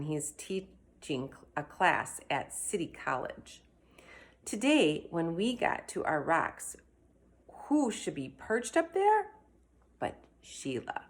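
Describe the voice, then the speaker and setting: A woman reading a children's story aloud in an expressive, animated way. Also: low-pitched. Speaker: reader.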